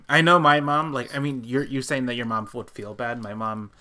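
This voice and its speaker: A man co-hosting a podcast in casual chat, talking in a relaxed way and laughing softly. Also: mid-range voice, moderate pace. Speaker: podcast co-host.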